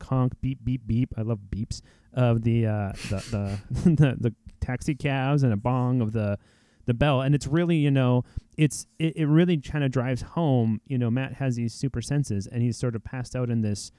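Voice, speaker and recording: Mellow-voiced man, thoughtful and halting. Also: mid-range voice, no room sound. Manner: thoughtful, hesitant, restarts a lot. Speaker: podcast co-host. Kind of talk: casual chat.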